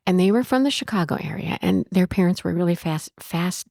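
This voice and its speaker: A woman's voice: lowish voice, fairly quick, vocal fry, a little mellow, no room sound, clean studio sound. A woman who owns a bed and breakfast, telling stories in an interview in a chatty way, with frequent restarts. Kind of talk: storytelling in an interview.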